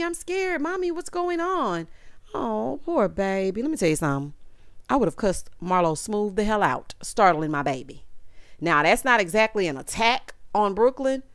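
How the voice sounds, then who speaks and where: A woman, giving a sassy, animated reality TV recap and calling her viewers honey and child. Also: medium pitch, no echo, studio quality. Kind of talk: casual recap commentary.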